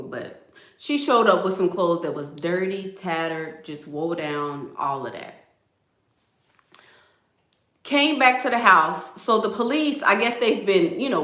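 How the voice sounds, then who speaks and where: Woman, casual gossip vlog, chatty, very expressive pitch, reverberant room. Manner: animated, chatty, says "girl" often. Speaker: vlogger. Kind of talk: casual gossip storytelling to viewers.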